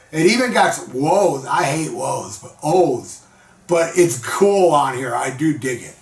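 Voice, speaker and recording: A man's voice: fairly high pitch, roomy sound, recorded from a distance. Laid-back man rambling about an album. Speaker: music vlogger. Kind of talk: casual album review.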